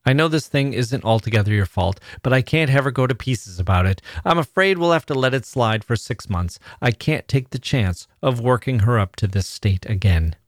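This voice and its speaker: A man reading the part of a curt, weary brother-in-law, speaking short and flat. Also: medium pitch, moderate pace, few pauses, dry recording, clean studio sound, lightly acted.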